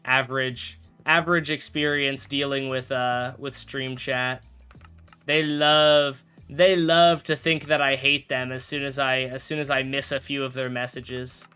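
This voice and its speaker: A man's voice: mid-range voice, level tone, unhurried, bright, forceful tone, clean tone, faint music behind. A young man chatting casually on a live stream while playing a game, rambling, correcting himself and joking with chat. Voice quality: rambling, self-correcting, jokey.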